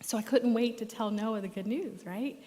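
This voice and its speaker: A middle-aged woman therapist telling a lively story as guest speaker at a church. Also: a little high, normal speed. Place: church auditorium. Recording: long reverb of a church hall.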